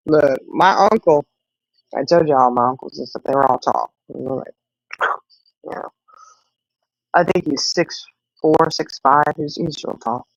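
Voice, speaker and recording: A woman's voice: sits low, measured pace, long pauses, no room sound, muffled recording. A middle-aged woman, chatting casually with viewers and rambling through family stories with laughs. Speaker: livestream host.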